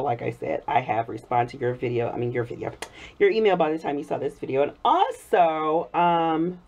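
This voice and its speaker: A woman vlogger chatting casually while making soap, her voice hoarse from a cold. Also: sits low. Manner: chatty, warm thanks to viewers, frequent laughs. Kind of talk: casual chat while crafting. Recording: dull lo-fi recording.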